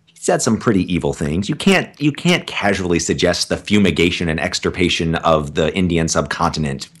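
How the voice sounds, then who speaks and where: A man talking as a guest in a casual interview, with a somewhat low voice. His pitch swings widely as he gets animated. He is chatty and self-deprecating. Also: a little fast, husky. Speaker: guest, stage actor.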